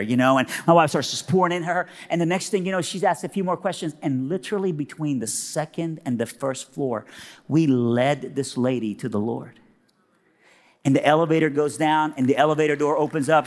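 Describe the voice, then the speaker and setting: High-voiced, animated male preacher. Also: fairly quick. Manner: animated, humorous storyteller. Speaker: guest speaker. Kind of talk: sermon storytelling. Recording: long reverb of a big hall.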